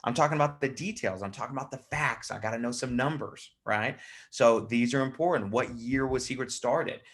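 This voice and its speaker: A man leading a live network marketing training, talking in a lively way and slipping into quick put-on voices to act out personality types. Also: medium pitch. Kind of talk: live team training talk.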